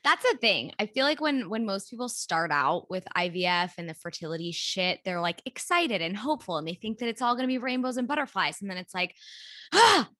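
A woman's voice: mid-range voice, sing-song, fairly quick, bright, forceful tone, no echo, clean studio sound. A woman co-hosting a podcast, supportive and casual, with "like" scattered through her talk. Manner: supportive, casual, uses filler "like". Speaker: podcast co-host. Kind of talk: casual chat.

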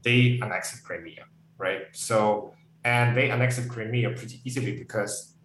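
A man's voice: fairly low pitch, measured pace, a bit bright. A man from Ukraine, a Russian speaker, giving thoughtful, hedging answers in an interview. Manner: thoughtful, hedging often with "I think". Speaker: guest. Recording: echoey room, distant mic, faint hum.

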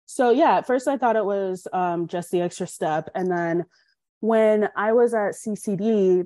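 A woman's voice: mid-range voice, a little slow, no room sound, clean studio sound. A young woman from Colorado, a podcast guest, telling her life story frankly and acting out the voices of people in it. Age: young adult. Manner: frank, animated, acts out quoted dialogue. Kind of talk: candid interview storytelling.

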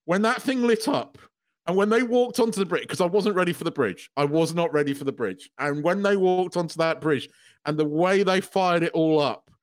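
A man's voice: high-pitched, moderate pace. A man co-hosting a podcast, gushing and swearing as an emotional fan in casual chat. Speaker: podcast co-host.

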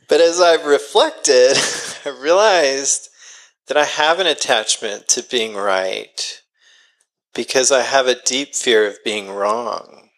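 A man's voice: medium pitch, slow, pauses often, fairly bright tone, rough recording. A man in his forties preaching a sermon, earnest and self-deprecating, with sighs and casual asides. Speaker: pastor.

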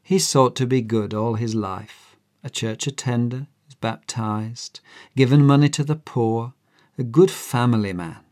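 Slow, earnest male preacher. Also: mid-range voice, a little mellow. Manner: earnest, emphatic, acts out characters' voices. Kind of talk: sermon with a dramatized story.

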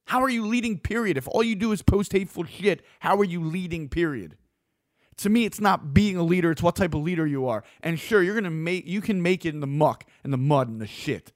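A man delivering a blunt, opinionated monologue as a host, swearing freely and getting animated. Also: high voice, brisk, no echo, studio quality.

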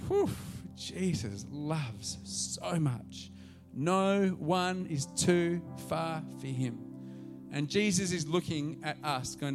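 A man preaching a sermon as pastor, telling a story and swinging from hushed asides to loud, excited calls. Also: fairly high pitch, slow pace, music in the background.

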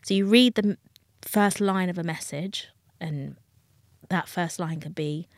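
A woman's voice: lowish voice, measured pace, dry recording. A woman, a dating coach talking frankly and with feeling as a guest in an interview. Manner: frank, emotional, acts out quoted voices. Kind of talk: candid interview talk.

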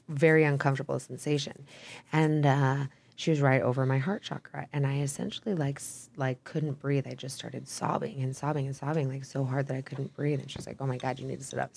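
Young woman, from idaho, gravelly fry, casual podcast chat, rambling, lots of filler words. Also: rumbling low, a little mellow. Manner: rambling, frequent "like" and "um", candid with swearing. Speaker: podcast guest.

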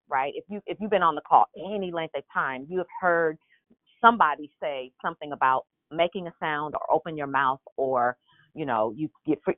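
A woman leading a prayer call, telling an animated story and acting out her own cries for help. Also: deep voice, no room sound. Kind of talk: testimony and preaching on a call. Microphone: phone. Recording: phone line.

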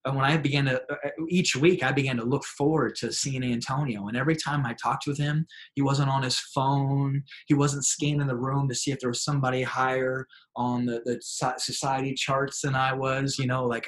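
A man's voice: medium pitch, moderate pace, few pauses. A young adult man, a pastor and author, telling stories animatedly in an interview. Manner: animated storyteller, acts out excited voices. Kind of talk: interview storytelling.

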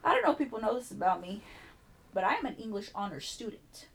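A woman with a fairly high voice tells a long story in casual podcast chat. She swears freely and sounds animated and fed up as she works through the tale. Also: quick pace, slight background noise. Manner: profane, animated, exasperated storyteller. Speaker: podcast host.

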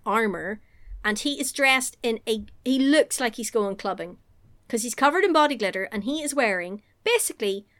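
A woman retells a story in a casual chat, joking and laughing as she goes. Her voice sits fairly high and rises and falls a great deal, which keeps it lively.

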